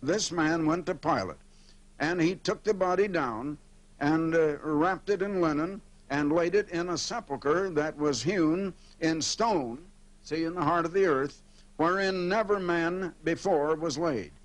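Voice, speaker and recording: Older male TV preacher, fairly high voice, steady explanatory delivery, slows down to read scripture aloud. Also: low-quality recording. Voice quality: pauses and fillers as he speaks freely. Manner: explanatory preaching, reads scripture aloud slowly and comments between verses. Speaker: evangelist broadcaster. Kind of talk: televised sermon.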